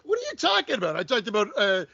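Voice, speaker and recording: A man with a high, husky voice that swoops around a lot, rambling and hesitant on a horror podcast. The sound is dry and a little dull. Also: huge pitch swings, racing, pushed and bright, no room sound. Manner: rambling, hesitant, laughs often. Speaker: podcast co-host. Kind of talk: casual chat.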